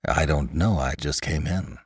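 A male narrator doing a cold, menacing corpse come back to life, speaking in a low, quiet voice. The delivery is slow and deliberate, with a dry, close sound. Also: husky, no room sound, full character voice. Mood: guarded. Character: pale, cold dead man risen from the grave.

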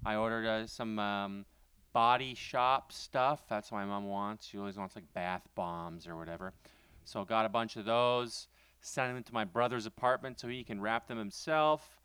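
A man co-hosting a podcast, talking in a loose, rambling way, often stopping to restart a thought. His voice is smooth and resonant, recorded dry and close with no room sound. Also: lowish voice, normal speed, a bit bright, dry recording. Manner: rambling storyteller, frequent fillers and self-corrections. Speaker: podcast co-host. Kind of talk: casual podcast chat.

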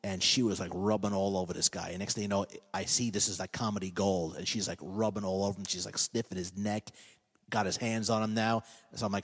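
A man, a hypnotist guest on a comedy podcast, telling stories in a casual, animated way and laughing at his own jokes. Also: on the low side, fairly quick, breathy edge, big-room sound.

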